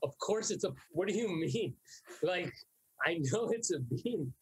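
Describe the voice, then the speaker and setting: A man teasing his co-host in loose comedy podcast banter, jumping in with quick jabs whenever he sees a punchline. His voice sits a bit high and has a slightly husky grain. The sound is dry and close to the mic. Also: lively intonation, no echo, poor audio.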